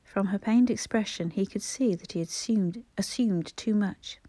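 Soft-spoken woman audiobook narrator. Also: mid-range voice, normal speed, dry recording. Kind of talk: scripted narration.

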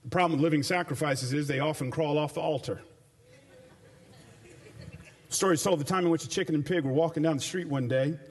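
A man delivers a sermon with emphatic, punchy phrasing, drawing out key words before speeding through stretches of storytelling. His voice sits fairly high, and he drops into loose, colloquial asides. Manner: emphatic, shifts between slow stressed phrases and rapid runs. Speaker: preacher.

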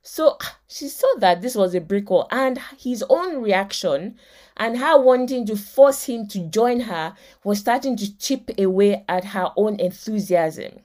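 A woman with a Nigerian accent hosts a motivational podcast in a mid-range voice at a measured pace. She tells lively stories, acts out the people in them, and quotes scripture the way a preacher would.

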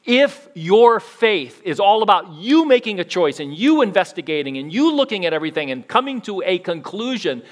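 A man preaching a sermon in a conversational way, with frequent restarts and big swings between loud emphasis and quiet asides. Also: high voice, big pitch swings, moderate pace, few pauses. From United States. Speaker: pastor.

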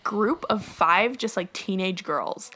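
A young woman from Canada, a podcast guest chatting over a video call, telling animated stories with lots of "like" and laughter. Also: medium pitch, slow. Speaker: guest, TikTok creator. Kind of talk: casual podcast chat. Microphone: remote video call.

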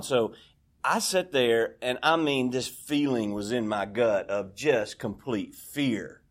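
A man's voice: mid-range voice, slow. A man tells his own recovery story to a meeting. He talks candidly and pokes fun at himself, slipping into the voices of the people in his story. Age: 40s. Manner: candid, self-deprecating, acts out dialogue. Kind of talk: personal testimony talk.

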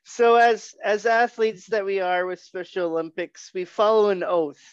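Friendly co-host with a smooth voice on a dull, dry recording. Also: medium pitch, moderate pace, no echo. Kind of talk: casual interview chat.

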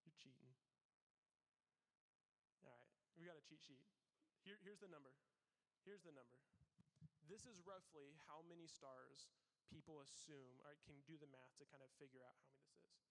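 A young man giving a casual, animated sermon to students as youth pastor, full of fillers and acting out God's questions. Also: a little high, moderate pace, pauses often. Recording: long hall reverb.

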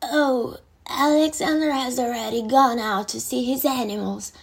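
A man voicing a kindly, motherly older farm hostess in a breathy raised voice, fussing and confiding as she talks. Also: extremely high pitch, steady tone, measured pace, voice pushed up, exaggerated voice, rough recording. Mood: chatty.

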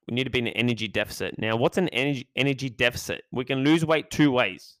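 Energetic male podcast host with a smooth, clear voice, recorded dry and close. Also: mid-range voice, fast talker, hardly any pauses, no echo. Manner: hyped, energetic, chatty. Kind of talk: casual podcast monologue.

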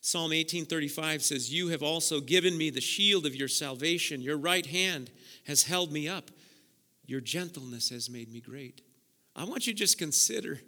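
A pastor preaches a passionate sermon in a church sanctuary, his voice on the high side, at normal speed, with a sharp tone. When worked up, he repeats words as he builds, and the large hall adds long reverb.

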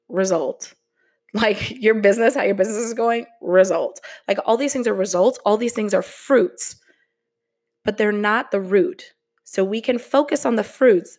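Woman podcast host, motivational, slow and earnest, casual delivery. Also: mid-range voice.

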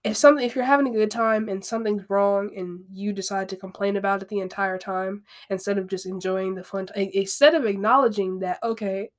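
A woman hosting a podcast, talking through self-help advice in a candid, conversational way, with frequent asides and repeated phrases. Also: medium pitch. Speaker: podcast host. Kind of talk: casual self-help monologue.

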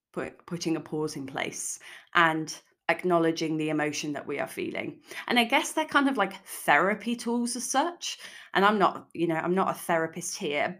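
A woman's voice: lowish voice, fairly bright tone. A woman hosting her own podcast as a food coach, talking casually and frankly with lots of "like". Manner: chatty, frank, peppered with "like". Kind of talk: casual solo podcast talk.

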